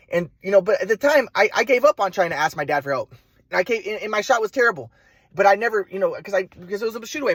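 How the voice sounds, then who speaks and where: Fast-talking husky young man ranting. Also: high voice, dry recording. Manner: profane, restless, many restarts. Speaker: vlogger. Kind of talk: rambling personal monologue.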